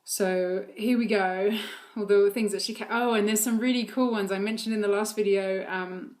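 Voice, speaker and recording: A woman's voice: medium pitch, fairly even intonation, normal speed, a little mellow. A woman, a mother, chatting casually on her vlog, full of fillers and frequent laughs. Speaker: vlogger and mother. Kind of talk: casual chat about her toddler.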